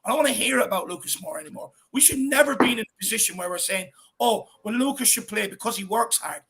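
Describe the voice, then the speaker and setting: A man's voice: very high-pitched, fast, gravelly, bright, forceful tone, breathy edge. A man hosting a live football watchalong, giving passionate, ranting opinions. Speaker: watchalong host.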